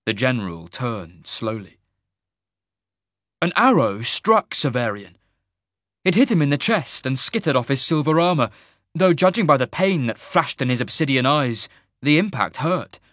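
A man's voice: medium pitch, big pitch swings, moderate pace, fairly bright tone, no echo. Man narrating an audiobook in a dry room.

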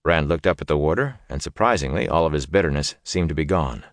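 Deep-voiced guy narrating a fantasy audiobook, calm and even, dry close mic. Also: fast talker, hardly any pauses, no room sound.

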